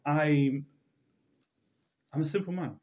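Simple working-class water carrier, quiet and plain; a male teacher puts him on. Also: on the high side, slow pace. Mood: humble, weary.

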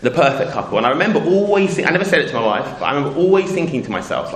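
A middle-aged Englishman with a slightly high, sing-song voice talks very fast, telling a community audience a casual anecdote with a moral. He rambles, cuts himself off, and acts out the voices he quotes. The room echoes, and there's slight background noise.

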